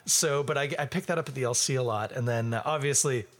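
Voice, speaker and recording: A man from Canada hosting a podcast in casual chat, animated and quick to laugh, jumping up high when he exclaims. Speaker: podcast host.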